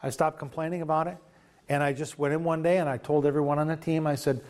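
A man's voice: on the high side, level tone, fast, a little mellow. A man preaching a sermon, retelling a story in a loose conversational way and acting out the quoted dialogue. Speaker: pastor.

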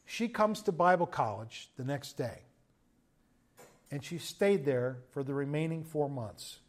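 Animated New preacher. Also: male voice, a little high, measured pace. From United States. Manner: conversational, shifts between loud emphasis and quiet asides. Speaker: pastor. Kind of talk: storytelling sermon.

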